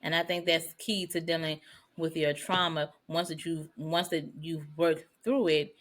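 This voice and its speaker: A woman co-hosting a podcast in casual chat, talking in a relaxed, slangy way with laughing asides. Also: deep voice, measured pace. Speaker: podcast co-host.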